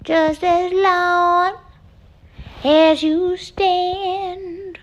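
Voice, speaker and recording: A woman putting on a tiny squeaky voice, singing slowly and drawn out. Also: little pitch movement, dull audio, exaggerated voice. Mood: crooning. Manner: high squeaky put-on voice, slow and drawn out.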